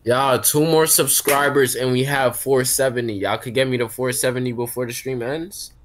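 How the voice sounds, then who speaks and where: A man's voice: medium pitch, fairly even intonation, normal speed, slight background noise. A man hosting a live game stream, chatting casually with viewers and teammates in slangy, laid-back talk. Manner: laid-back, slangy, repeats questions to chat. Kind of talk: casual chat while gaming.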